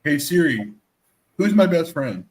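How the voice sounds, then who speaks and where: A man's voice: a little high, sing-song, unhurried. A man streamer in casual chat, talking in a playful, teasing, joking way.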